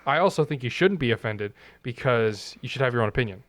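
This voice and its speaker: A man's voice: mid-range voice, expressive, quick pace, no room sound. A young man co-hosting a podcast in casual chat, earnest and a little argumentative. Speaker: podcast co-host.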